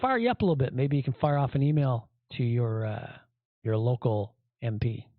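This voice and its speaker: A man's voice: medium pitch, moderate pace, no room sound. A man hosting a podcast, giving rambling, indignant commentary with many fillers. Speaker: podcast host. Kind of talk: casual commentary. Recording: tinny phone-like audio.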